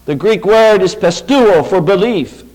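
Male preacher, high-pitched, emphatic lecturing sermon delivery. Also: lively intonation, a little mellow, low-quality recording. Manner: emphatic, slows down on quoted scripture.

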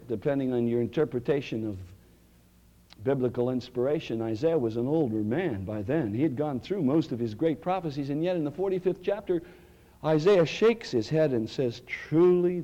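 A male preacher, delivering a sermon with dramatic swings from loud cries to near-whispers. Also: medium pitch, dull audio.

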